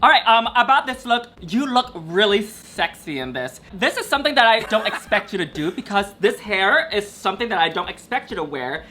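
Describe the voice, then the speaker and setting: Chatty New host on a video call. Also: male voice, high-pitched, very animated, bright, forceful tone, a little hiss or hum. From New York. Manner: chatty, drawn-out, playful. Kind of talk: casual chat reviewing looks.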